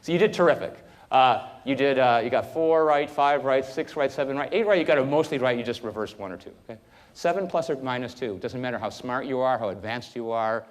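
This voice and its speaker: In a lecture hall, a male university lecturer teaches a class in a lively, conversational style packed with fillers. His voice sits in the mid range and he speaks briskly.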